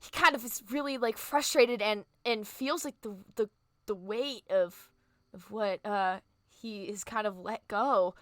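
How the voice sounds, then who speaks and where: A woman's voice: mid-range voice, unhurried, dry recording. A woman narrating as game master of a tabletop game, descriptive and full of fillers. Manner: descriptive, filler-heavy, laughs easily.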